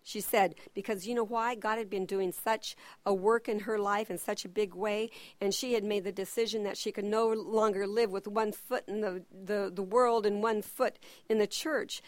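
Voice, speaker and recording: A middle-aged woman gives a sermon-style teaching full of personal stories. She tells them in an animated way and acts out the voices. Her voice sits at an ordinary pitch, and the sound is dry and close. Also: normal speed, few pauses, no echo. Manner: animated storyteller who acts out quotes. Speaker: church ministry teacher.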